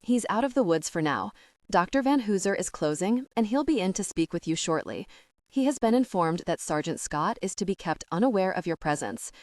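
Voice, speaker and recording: A woman's voice: on the low side, very animated, a little fast, darkish tone, no room sound, clean studio sound. A woman reading the lines of a stern male army colonel in a formal, matter-of-fact way.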